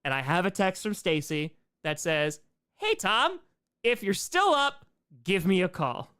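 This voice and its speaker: Smooth-voiced man telling a rambling story. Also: high-pitched, a little slow. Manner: rambling, excitable retelling with quoted asides. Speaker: comedy streamer and host. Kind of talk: casual storytelling on a live Q&A stream.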